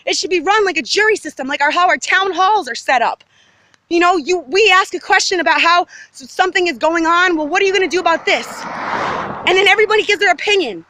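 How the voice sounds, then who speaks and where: Outdoors in her neighborhood, a woman vlogger talks to the camera in a very high-pitched, expressive voice, quick and sharp. Agitated and emphatic, she rambles from one topic to the next. There's no echo on the recording.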